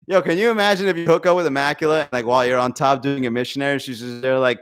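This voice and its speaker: Talking quickly with few pauses, a man with a medium-pitched, clear, resonant voice hosts a comedy podcast. He chats casually with his stream, rambling, swearing freely and laughing frequently.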